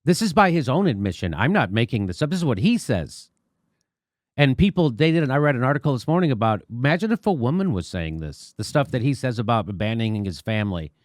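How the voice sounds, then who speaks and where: A man's voice: medium pitch, very animated, fast talker, dry recording, studio quality. A man hosting a political commentary chat, emphatic, hammering his points with repeated rhetorical questions. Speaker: host.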